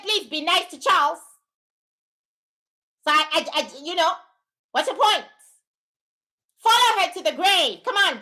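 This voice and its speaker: A woman's voice: high-pitched, bright, forceful tone, rough recording. A middle-aged woman who gives spiritual readings, talking unscripted to her livestream viewers in a fiery, profane, scolding way. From lives in Canada.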